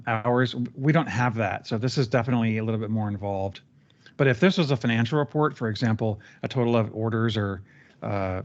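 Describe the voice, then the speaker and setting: A man guiding a trainee step by step through a software training session, relaxed and chatty with fillers. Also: mid-range voice, highs cut off. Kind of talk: live screen-share training session.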